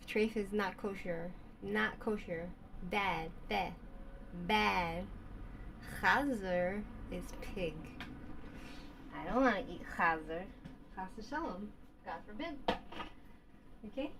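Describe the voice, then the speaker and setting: A woman's voice: mid-range voice, gravelly, background noise. A woman in a rambling, casual monologue who repeats herself, keeps asking her listeners questions, and sprinkles in Yiddish and Hebrew words.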